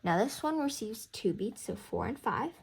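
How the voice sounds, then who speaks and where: A woman's voice: on the high side, expressive, moderate pace, vocal fry, husky. A young woman tutoring music theory in a casual walkthrough, counting beats aloud and encouraging the student. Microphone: camera mic at a desk.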